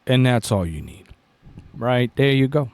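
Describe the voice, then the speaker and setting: A man's voice: mid-range voice, very animated, unhurried, a little mellow. A man hosting a commentary channel, telling a fable in a profane way, often asking "right?" and chuckling. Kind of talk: storytelling commentary.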